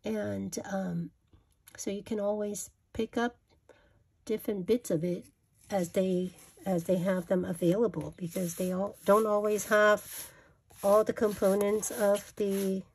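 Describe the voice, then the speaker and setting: A woman's voice: medium pitch, little pitch movement, measured pace, creaky, slightly rough. A woman vlogger showing off her craft paper haul in a chatty, gushing way, correcting herself as she goes. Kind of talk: casual show-and-tell.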